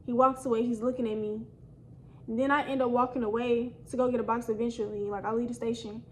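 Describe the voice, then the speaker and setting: Young woman vlogger, high voice, chatty storytime delivery with light background hiss. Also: fast, low-quality recording. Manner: animated, slangy, addresses viewers as y'all. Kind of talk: casual storytime.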